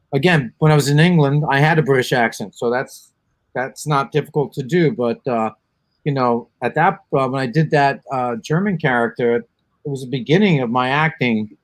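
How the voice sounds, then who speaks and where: Halting New man, dry sound. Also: mid-range voice, no echo. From the Bronx, New York. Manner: halting, many ums and uhs. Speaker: actor and musician guest. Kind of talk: casual interview chat.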